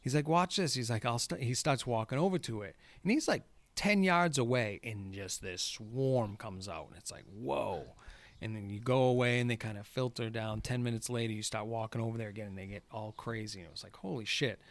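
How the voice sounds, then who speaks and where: A man's voice: mid-range voice, a little fast, hardly any pauses, no echo. Guy swapping golf course stories, laid back, swears a lot, dead dry mic. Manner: rambling storyteller, swears, laughs often. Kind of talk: casual podcast chat.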